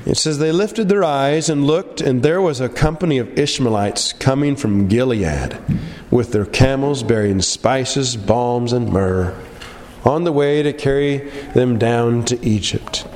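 A man preaching a sermon in an animated way, acting out characters from the story as he goes. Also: mid-range voice, a little slow. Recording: echoey hall with long reverb.

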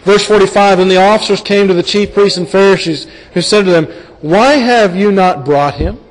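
A man preaching a sermon and working verse by verse through scripture. He speaks earnestly and drops to a quiet voice when he wants to stress a point. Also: sits high, moderate pace. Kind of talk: sermon, Bible exposition. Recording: long hall reverb.

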